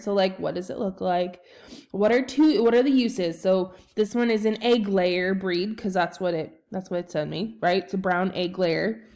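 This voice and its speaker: A young adult woman teacher, casually talking students through an assignment with a chatty, rambling manner, full of ums and self-corrections. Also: mid-range voice. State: has the hiccups. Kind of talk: casual screen-recorded lesson walkthrough.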